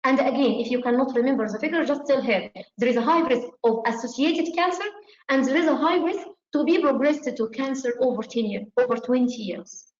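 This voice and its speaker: A woman's voice: high-pitched, a little fast, a little mellow. Methodical woman tutor in echoey room. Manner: methodical, step-by-step instruction, acting out doctor lines. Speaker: medical exam tutor. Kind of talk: exam-prep lecture. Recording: echoey room, dull lo-fi sound.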